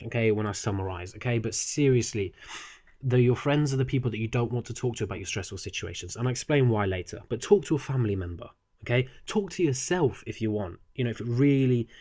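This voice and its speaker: A young man with an average-pitched voice giving casual advice over a desk microphone. He talks earnestly, backs up to restart his sentences and keeps asking "okay?" to check in. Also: dark tone. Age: young adult. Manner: earnest, repeats "okay?" often, frequent restarts. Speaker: student vlogger giving advice.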